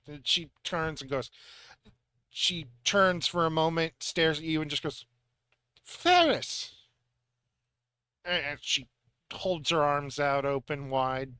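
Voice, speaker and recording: A man's voice: on the high side, fairly even intonation, a little slow, bright, forceful tone, smooth, dry recording, clean studio sound. A man running a tabletop game as dungeon master, narrating loosely with many fillers and restarts.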